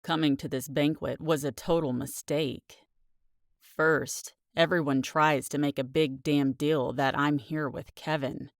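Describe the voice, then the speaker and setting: A woman's voice: deep voice, steady tone, measured pace, dry recording, clean studio sound, pitched below the performer's own voice. A woman voicing a blunt, crude, grumbling young male football player as he narrates an audiobook chapter. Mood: brooding, sour.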